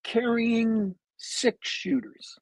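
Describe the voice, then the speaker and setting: A man on a podcast with a bad cold, retelling a movie plot as a meandering, detailed storyteller with long pauses. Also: very high voice, fairly even intonation, gravelly, dry recording, low-quality recording. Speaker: podcast co-host.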